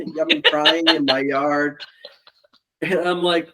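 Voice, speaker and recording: A podcast co-host, a man on a remote call mic, tells a family story in casual chat and laughs often. His voice is fairly high, with little pitch movement and a measured pace.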